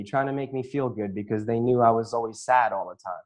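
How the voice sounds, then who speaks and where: A man's voice: medium pitch, fairly quick, darkish tone. A man who works as a chiropractor and facilitator, giving an earnest, emotional personal testimony to an audience and often breaking into laughter.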